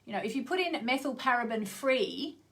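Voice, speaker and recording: Woman astrologer, vlog host, chatty and rambling, lots of gravel in the voice. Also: a little high, lively intonation, a little fast. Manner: chatty, rambling, many asides. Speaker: astrologer hosting her own channel. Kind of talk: casual spoken vlog.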